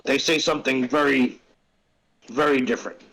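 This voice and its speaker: A man voicing a loud, blunt character in a tabletop game, speaking out bluntly. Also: medium pitch, fairly even intonation, moderate pace, pitched above the performer's own voice, low-quality recording.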